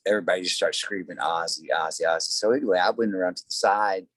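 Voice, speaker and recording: A man's voice: low-pitched, fairly even intonation, fast, fairly bright tone, husky, no echo, low-quality recording. A man, a singer in a tribute band, chatting as a guest in a casual interview and telling rambling stories full of fillers. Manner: rambling storyteller, many fillers.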